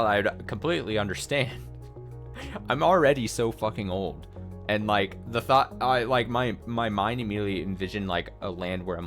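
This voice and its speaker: A man's voice: fairly low pitch, a bit bright. A man in his thirties giving rambling, profane let's play commentary full of fillers and restarts. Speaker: streamer.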